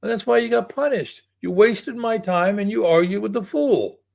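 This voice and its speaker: Man voicing a stern lion king, raised pitch, gravelly edge, scolding. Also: moderate pace, a little mellow. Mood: lecturing. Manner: lecturing, exasperated. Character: wise male lion king, stern and weary.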